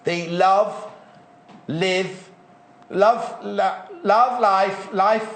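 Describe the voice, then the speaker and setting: A chatty man hosting a live shopping show, reeling off prices between jokes. His voice sits a little high for a man. The sound carries the echo of a roomy studio. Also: extremely slow, fairly bright tone. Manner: chatty, lists prices, laughs easily. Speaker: shopping channel presenter. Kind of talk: live TV sales chat.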